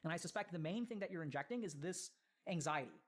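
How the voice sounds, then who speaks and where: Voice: medium pitch, expressive, fast talker. A mental health commentator in a played video explains a viewer's letter in an earnest way, often filling with "like" and "right?".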